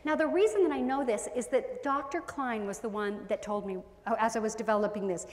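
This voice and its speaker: A woman with a high voice delivers a parenting talk to a live audience, animated and expressive, slipping into voices of parents and children. The sound is roomy, with a long reverb tail from a large hall. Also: a little fast. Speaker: parenting speaker.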